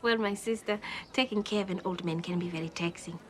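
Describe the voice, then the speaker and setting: A woman playing a cheerful, kindly middle-aged woman detective, speaking in warm, formal, teasing phrases. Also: lowish voice, brisk, slight background noise, lightly acted. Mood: sympathetic, firm.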